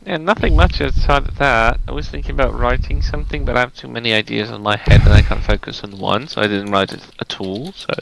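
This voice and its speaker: A man's voice: medium pitch, fast talker, creaky, few pauses, a bit bright, slight background noise, poor audio. A man chatting as a guest on a casual live stream, easygoing and often laughing.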